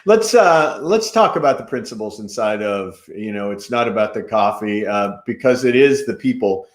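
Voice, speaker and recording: A man's voice: lowish voice, expressive, moderate pace. A male interview host who asks questions with enthusiasm, in a chatty style, often restarting his sentences. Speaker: podcast host. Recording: echoey room sound.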